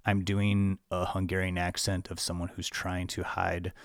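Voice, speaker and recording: A young adult man hosting a casual film discussion, speaking in a measured way with many fillers. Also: low-pitched, monotone, dry recording, studio quality. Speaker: podcast host.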